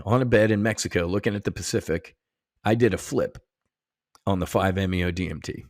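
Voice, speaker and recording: A middle-aged American man, a podcast guest, telling stories in casual, profane, animated talk full of slang and restarts. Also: deep voice, no room sound, clean studio sound. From United States. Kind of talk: casual conversation.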